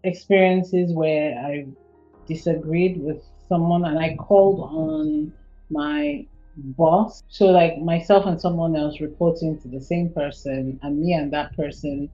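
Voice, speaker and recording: A woman guest on a podcast, explaining her points in a measured, steady way. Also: low voice, gravelly. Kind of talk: conversational podcast interview. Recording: dull lo-fi audio with faint music.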